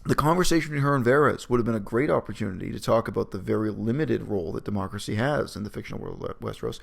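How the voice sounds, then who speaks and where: Gravelly, opinionated man talking shop. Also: lowish voice, very fast. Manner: opinionated, sarcastic, breaks into mocking voices. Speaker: video reviewer. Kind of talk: casual analytical discussion.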